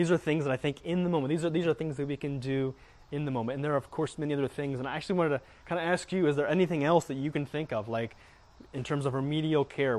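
A man's voice: medium pitch, darkish tone. A middle-aged man teaching earnestly on faith, often repeating words as he speaks. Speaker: Christian teacher.

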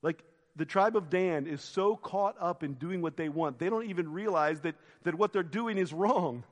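A male pastor delivers a sermon in a church sanctuary, with a voice that sits a little above the usual male pitch. He tells the story vividly, acting out quoted lines and sinking into hushed reflection. The hall's long reverb rings behind his words. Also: moderate pace.

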